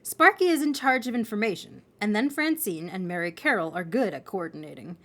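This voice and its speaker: A woman reading a children's novel aloud in an expressive storytelling manner. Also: medium pitch, a little fast.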